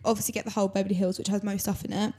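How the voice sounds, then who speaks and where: A young woman co-hosting a podcast in casual chat, excitable and blunt, swearing freely. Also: mid-range voice, racing, husky. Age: young adult. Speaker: podcast co-host.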